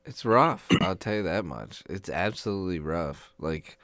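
A man's voice: low voice, lively intonation, normal speed, a bit bright, dry recording. A man on a podcast telling a long, rambling story full of laughs while his jaw is sore from recent tooth surgery. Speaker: podcast co-host. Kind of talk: casual chat.

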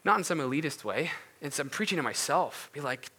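A man's voice: a little high, big pitch swings, brisk, few pauses, bright, forceful tone, slightly rough. A man preaching a casual, earnest sermon as a pastor and then praying, talking in a loose, conversational way. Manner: earnest, conversational, many fillers and restarts. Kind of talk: casual sermon ending in prayer.

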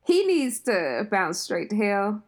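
A woman's voice: medium pitch, very animated, slow pace. A woman co-hosting a podcast in casual chat, making blunt, slangy remarks and giving strong opinions. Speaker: podcast co-host.

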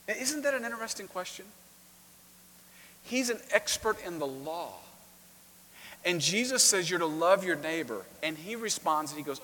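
A man's voice: high-pitched, normal speed, big-room sound, poor audio. A man preaching a sermon as pastor, telling the story expressively and inviting the congregation to speak along. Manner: expressive storytelling, acting out dialogue, asks congregation to respond. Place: church sanctuary.

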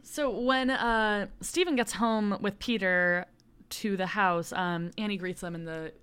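A woman co-hosting a casual podcast, her voice mid-pitched and natural. She recaps things in a relaxed, conversational way, with plenty of "um" and "like". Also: unhurried, smooth. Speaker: podcast co-host.

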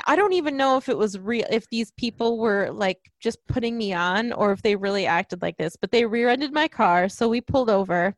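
A woman with a slightly high voice chats casually as a podcast co-host, wandering through long stories and breaking into giggles. The sound is dry and close, with no room around it. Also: no room sound. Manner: rambling storyteller, giggly. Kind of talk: casual chat.

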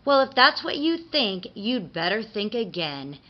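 A woman's voice: medium pitch, big pitch swings, a little slow. A woman voicing a cruel, foul-mouthed male imp with a tail and a cane, snarling and mocking, on a dull lo-fi recording. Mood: menacing. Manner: snarling, mocking, shouting threats.

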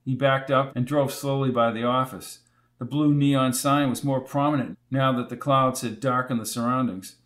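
A man narrating a novel as an audiobook in a steady, even storytelling voice. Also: mid-range voice, moderate pace.

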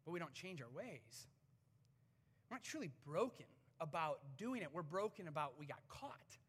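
A man in his thirties preaches to his congregation in a chatty, animated way, with humorous stories along the way. His voice sits high and rings bright. The microphone catches a long, echoing reverb from the church hall. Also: moderate pace, husky. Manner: conversational, animated storytelling with humor. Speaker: pastor. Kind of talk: sermon. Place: church sanctuary before a congregation.

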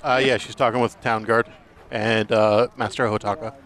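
A man running a tabletop game as game master, narrating in a relaxed, halting way. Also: lowish voice.

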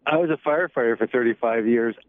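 Male caller, mid-range voice, earnest and halting, dry phone line. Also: mid-range voice, no room sound. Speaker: caller, retired firefighter. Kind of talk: phone-in call.

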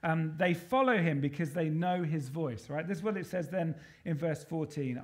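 Male preacher with a high voice, emphatic sermon delivery, call-and-response with the congregation. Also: normal speed, hardly any pauses.

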